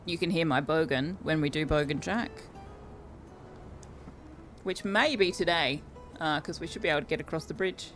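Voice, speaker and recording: A woman's voice: sits low, moderate pace, pauses often, fairly bright tone, soft background music. An Australian woman streaming a game, chatting casually and correcting herself as she goes. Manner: chatty, self-correcting, amused. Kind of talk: casual gameplay commentary.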